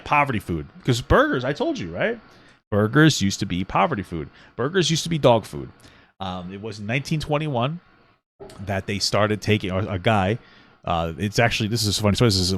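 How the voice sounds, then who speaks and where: A man co-hosting a podcast, chatting casually and sarcastically while reacting to a clip. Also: fairly low pitch. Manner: animated, sarcastic, joking. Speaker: podcast co-host.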